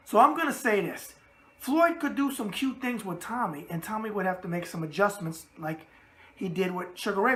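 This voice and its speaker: Raspy brash New York man. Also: high voice, bright, forceful tone. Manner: brash, catchphrase-heavy, streetwise. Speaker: boxing show host. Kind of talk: casual boxing mailbag talk.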